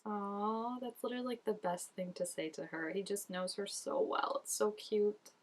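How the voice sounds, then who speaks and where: A woman's voice: mid-range voice, fairly even intonation, normal speed. A young woman hosting a casual reaction video, chatting emotionally and talking back to the screen.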